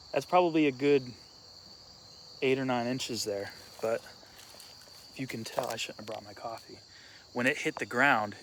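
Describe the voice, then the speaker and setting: A man's voice: mid-range voice, a bit bright, slight background noise. A man vlogging casually on a wooded hillside as he walks, talking in a loose, rambling way with restarts. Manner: rambling, casual, self-interrupting. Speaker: vlogger and punk musician. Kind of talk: casual walk-and-talk vlog. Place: outdoors on a wooded rural hillside.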